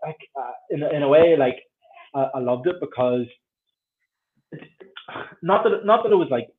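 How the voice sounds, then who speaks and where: A man in his thirties with a Northern Irish accent, a podcast guest telling stories in a lively way and acting out the voices of people he quotes. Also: a little high, normal speed. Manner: animated storyteller who acts out quoted voices. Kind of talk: casual conversation. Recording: tinny phone-like sound.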